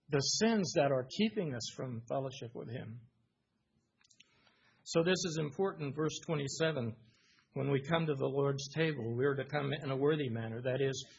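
A man's voice: mid-range voice, vocal fry, breathy edge. A man preaching a sermon, reading verses aloud and explaining them, repeating phrases for emphasis. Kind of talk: sermon reading and expounding Scripture. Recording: dull lo-fi recording.

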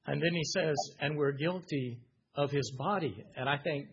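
A man's voice: on the high side, normal speed, slightly rough. A man preaching a sermon, reading verses aloud and explaining them, repeating phrases for emphasis. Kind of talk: sermon reading and expounding Scripture. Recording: dull lo-fi recording.

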